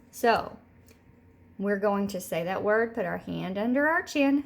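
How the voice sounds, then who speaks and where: A woman teacher talks through a recorded lesson for young students at a slow, unhurried pace. She says every word deliberately and repeats it so children can copy her. Her voice sits at an ordinary middle pitch. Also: lively intonation. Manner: slow, clear, modeling words by repeating them. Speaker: third grade teacher.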